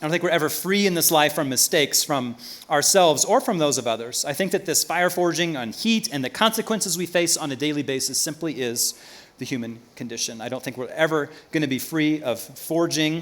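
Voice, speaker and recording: A man preaching a sermon as pastor in a church, swinging from loud emphasis to quiet asides. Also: fairly high pitch, brisk.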